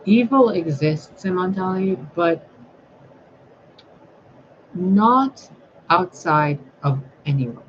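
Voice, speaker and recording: A woman's voice: on the low side, animated, slow pace, long pauses, highs cut off, slight background noise. A woman speaking as a spiritual reader in a blunt, sarcastic, crude casual vlog monologue.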